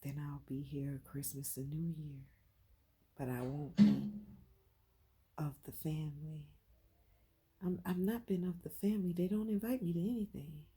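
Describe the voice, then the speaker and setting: Low husky woman talking from the heart. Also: fairly even intonation, a little slow, long pauses. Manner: heartfelt, swings from quiet to loud and emphatic, repeats phrases. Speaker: vlogger. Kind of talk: emotional personal vlog.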